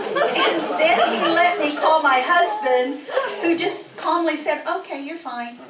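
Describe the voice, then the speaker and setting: A woman's voice: high-pitched, slow pace, over a noisy crowd. Chatty woman in her sixties, echoey hall. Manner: chatty, rambling storyteller. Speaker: meeting attendee telling a story. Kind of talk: casual anecdote to a group. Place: meeting hall. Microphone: distant room mic. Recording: echoey hall, distant mic, faint noise.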